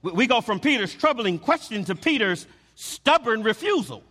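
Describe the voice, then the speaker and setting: Male preacher, high-pitched and slow, emphatic with stammered repeats, echoing hall. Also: big pitch swings, bright, forceful tone. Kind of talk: sermon.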